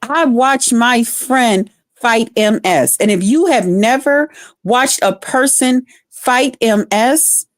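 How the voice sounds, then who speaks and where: A woman's voice: a little high, slow, no echo, studio quality. A woman guest on a live stream, speaking earnestly and emphatically in casual chat. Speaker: guest caller.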